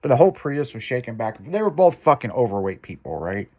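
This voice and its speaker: The host, a man with a mid-range voice, talks at a quick pace during a casual chat. His long story is loaded with swearing, and he animatedly acts out what people said.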